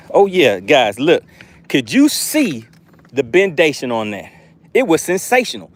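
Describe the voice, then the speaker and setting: A man hosting a live fishing stream from a boat outdoors, excitably narrating his catch and reading chat aloud. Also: fairly high pitch. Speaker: fishing livestream host.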